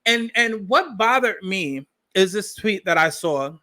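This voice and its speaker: A man hosting a podcast, giving blunt, profane commentary with sassy asides and drawn-out emphasis. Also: high-pitched, animated, pushed and bright. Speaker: podcast host. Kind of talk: opinionated commentary.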